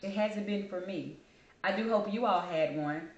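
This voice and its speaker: A woman's voice: medium pitch, normal speed, echoey room, dull audio. A woman hosting her own vlog, talking candidly to camera while grieving and holding back tears, calling her viewers y'all. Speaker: channel host.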